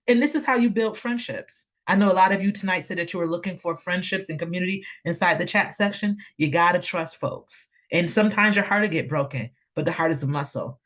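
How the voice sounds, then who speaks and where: An emotional woman hosts a panel discussion over a video call. She heaps praise and thanks on her guests and talks with heartfelt enthusiasm. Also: fairly low pitch. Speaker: host.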